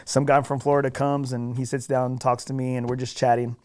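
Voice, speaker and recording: With a mid-range voice and a fairly quick pace, a man on a podcast tells a golf story. He sounds casual and animated, self-deprecating, regularly asking "right?".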